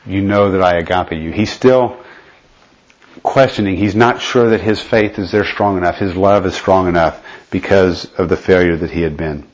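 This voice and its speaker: A man leading a conversational Bible study lesson, explaining step by step and often checking in with his listeners. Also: low voice. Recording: dull lo-fi recording.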